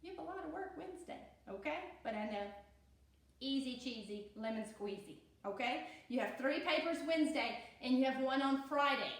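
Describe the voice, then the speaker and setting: A cheerful woman with a Southern US accent teaches a class of young children. Her pitch sits a little high, and she sounds words out slowly and stretches them. The recording is full of hard, ringing room echo. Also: lively intonation, far from the mic. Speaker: pre-K teacher. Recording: very echoey room.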